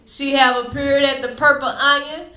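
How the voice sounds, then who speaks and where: Brief: woman host-comic, high and bright, loud playful storytelling, echoey club. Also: little pitch movement, moderate pace. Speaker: comedy show host and stand-up comic. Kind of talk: stand-up comedy with emcee introduction. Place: comedy club stage. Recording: echoey comedy club room.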